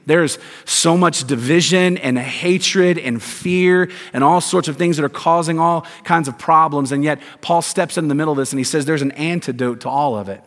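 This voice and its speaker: Raised-pitch preacher with hall reverb. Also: male voice, fairly bright tone. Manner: emphatic, rhetorical questions, deliberate stresses. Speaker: pastor. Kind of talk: sermon.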